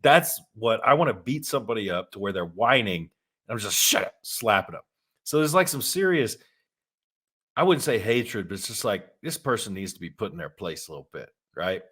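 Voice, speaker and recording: Deep-voiced man in blunt podcast chat. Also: lively intonation, a little fast, a bit bright, slightly rough. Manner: blunt, laughing, rambling with restarts. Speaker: podcast co-host.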